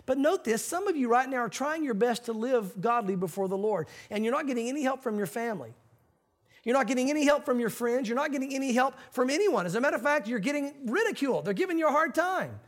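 High-voiced male preacher. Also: expressive, fast. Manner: storytelling with acted-out quotes. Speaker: pastor. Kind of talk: sermon.

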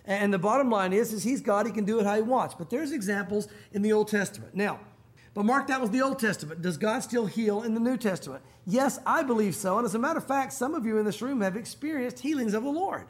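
Male pastor, high voice, sermon in church, chatty retelling of scripture. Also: fast. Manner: conversational, acts out biblical dialogue in casual modern speech. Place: church sanctuary.

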